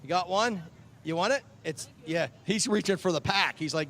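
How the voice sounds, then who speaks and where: Over the PA at an outdoor speedway, a man serving as track chaplain jokes warmly with children, echoing their names as he gives out ice cream vouchers. He sounds high, expressive and bright, with a forceful tone and moderate pace.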